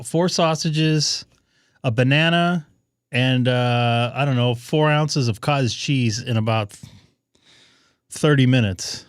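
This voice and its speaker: A man's voice: mid-range voice, clean tone, no room sound, clean studio sound. A man hosting a ham radio live stream, chatting casually and thinking aloud with plenty of fillers.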